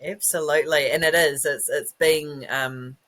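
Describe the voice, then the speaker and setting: A woman's voice: low voice, fairly even intonation, measured pace, fairly bright tone, poor audio. A woman in her thirties hosting a podcast interview, chatty and affirming as she reflects. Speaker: podcast host. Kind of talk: casual interview chat.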